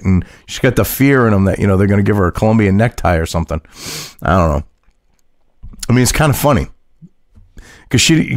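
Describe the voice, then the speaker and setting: A man's voice: mid-range voice, dry recording, clean studio sound. A man hosting casual political commentary, mocking and profane, reading news aloud and reacting to it. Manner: mocking, profane, laughs at his own jokes.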